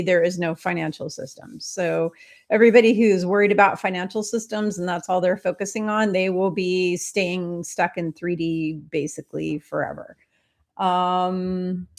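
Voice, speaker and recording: Slow-talking woman hosting a live Q&A. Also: on the low side. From Minnesota. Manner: chatty, drawn-out greetings, frequent ums. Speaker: spiritual live-stream host. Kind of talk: casual live Q&A, reading out viewer greetings.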